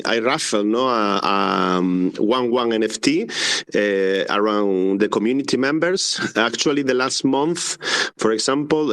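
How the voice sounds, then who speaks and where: Spanish guest artist, 30s man, restarts often, medium-pitched voice. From Spain. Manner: halting non-native English with many restarts. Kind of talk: live audio interview.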